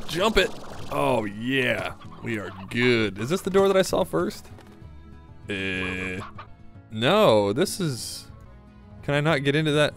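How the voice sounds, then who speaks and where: A man chats through a game session in a casual, self-mocking way, getting excited about every little discovery. His voice sits at an ordinary middle pitch. Faint music plays under his talk. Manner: chatty, self-mocking, reacts excitedly to small finds. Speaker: gaming video host. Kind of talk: casual gameplay commentary.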